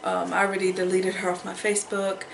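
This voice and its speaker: A woman's voice: medium pitch, monotone, fast talker, vocal fry, slight background noise. Upset young woman vlogging in echoey room. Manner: upset, repeats herself, fighting tears. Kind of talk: emotional personal vlog.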